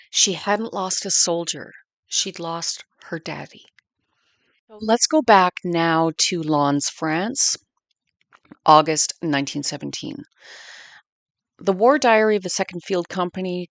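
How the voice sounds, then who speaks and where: Gravelly low-voiced woman narrator. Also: no room sound. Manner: earnest, reflective storytelling. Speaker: podcast narrator. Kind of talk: scripted history narration.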